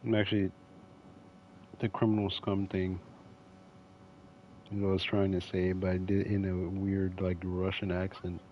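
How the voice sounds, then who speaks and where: Low voiced streamer guy rambling, mumbly, faint game sound behind. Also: monotone, moderate pace, pauses often, highs cut off, slight background noise. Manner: mumbling, self-deprecating, rambling. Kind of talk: casual gaming commentary.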